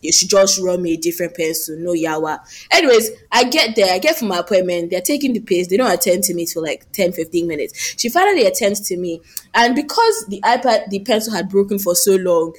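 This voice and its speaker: Animated young woman. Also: medium pitch, a little fast. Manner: animated, acts out other people's lines. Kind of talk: casual storytelling chat.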